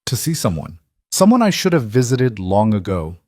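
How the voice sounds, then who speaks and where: A man reading the lines of a dignified elderly Italian woman with a formal, measured manner and an Italian accent. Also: fairly low pitch, wildly swooping pitch, darkish tone, no room sound, clean studio sound, full character voice. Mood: gracious.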